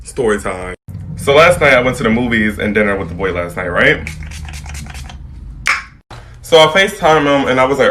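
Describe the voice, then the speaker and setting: A man's voice: medium pitch, expressive, normal speed, long pauses, a bit bright, slight background noise. A man telling a casual storytime about a date in a laid-back, exasperated way.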